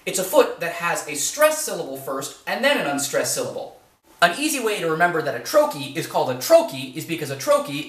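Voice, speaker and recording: A young adult lecturer talks through verse with a bright, animated delivery, wry and emphatic. The voice sits a little back from the mic in an echoey room. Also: mid-range voice, recorded from a distance. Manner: lively, wry, emphatic when stressing rhythms. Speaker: teacher.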